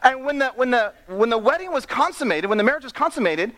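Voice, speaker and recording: A young man delivers a sermon in a high, lively voice that swoops up and down. He reads scripture and tells the story with a playful, animated manner, laughing at his own asides. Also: fairly quick, slight background noise. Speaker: preacher.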